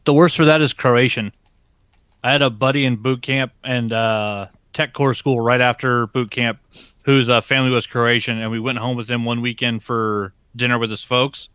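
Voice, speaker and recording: A man on a geek podcast tells a story in a bright, forceful voice, cursing for emphasis. His mic is close and fully dry. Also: mid-range voice, fairly even intonation, moderate pace, smooth, no echo. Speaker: podcast co-host. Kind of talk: casual chat.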